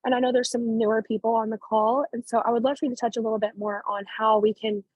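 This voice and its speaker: A woman asking a quick question during a call. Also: a little high, level tone, breathy edge, no room sound, dull audio. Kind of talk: casual chat on a call.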